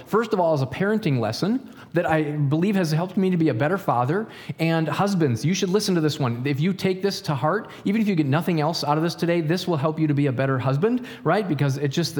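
A man's voice: a little high, darkish tone, big-room sound. A man preaching a sermon in a chatty way, asking rhetorical questions and acting out little stories. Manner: conversational, asks rhetorical questions; acts out stories in quoted voices. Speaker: pastor.

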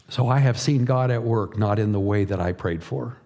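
Middle-aged guy preaching, warm low-key tone, earnest, slows way down and goes hushed. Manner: earnest, slow emphatic delivery with soft, hushed passages. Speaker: pastor. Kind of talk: sermon.

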